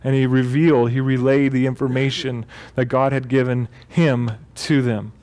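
In church, a man preaches as pastor with a mid-range, darkish voice at normal speed, his pitch barely moving, and slight background noise around him. He talks in a loose, joking manner and keeps correcting himself mid-sentence.

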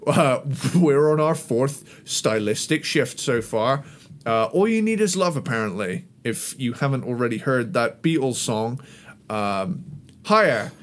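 Slow-talking sarcastic man, laughing often. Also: mid-range voice, lively intonation. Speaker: podcast co-host. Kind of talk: casual review chat.

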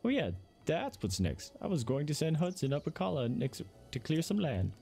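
A man's voice: on the high side, sing-song, moderate pace, gravelly, mellow, husky, soft background music. A young man hosting casual let's-play commentary, goofy and self-deprecating. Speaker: gaming channel host.

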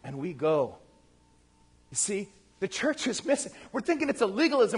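High-voiced, animated male pastor. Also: moderate pace, slightly rough. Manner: animated, acts out quoted voices; addresses the congregation directly. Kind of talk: lively conversational sermon.

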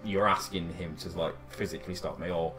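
A man narrating a tabletop game as dungeon master, measured and descriptive. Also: deep voice, steady tone, over music.

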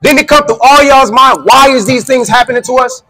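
A man's voice: very high-pitched, brisk, sharp tone, rough recording. A man preaching in the street with call-and-response, insistently quizzing a listener and repeating his questions.

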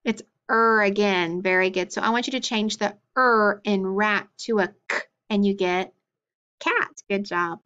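A woman teaching a phonics lesson to children, spelling out letters and sounds clearly and praising often. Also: mid-range voice, steady tone, normal speed, hardly any pauses, fairly bright tone. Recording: dull lo-fi recording.

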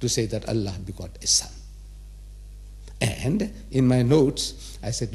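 A man's voice: mid-range voice, animated, a little slow, long pauses, darkish tone. A man in his seventies giving a public religious lecture, emphatic and repetitive, asking the audience rhetorical questions. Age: 70s.

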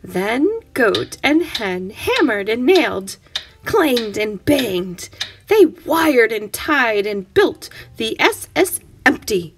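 A woman's voice: fairly high pitch, very animated, slow, soft background music. A woman reading a picture book aloud to children in a playful, rhythmic, sing-song way. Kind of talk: expressive children's story read-aloud.

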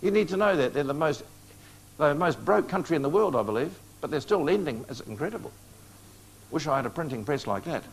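A man's voice: a little high, animated, fairly quick, slight background noise. A man preaching a prophecy lecture to a live audience, coaxing responses with questions and joking asides.

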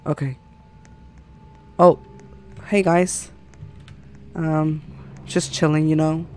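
Panicky gamer yelling through gameplay, mid-pitched voice, faint music behind. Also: little pitch movement, drawn-out words. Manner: jumpy, panicky and exclaiming. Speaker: gaming channel host. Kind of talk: live gameplay commentary.

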